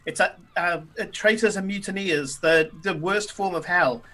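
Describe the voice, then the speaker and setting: A gruff barbarian woman captain who barks her orders in loud, urgent bursts, as a man puts her on. A bright, forceful tone carries her commands in a tabletop game. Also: high voice, moderate pace.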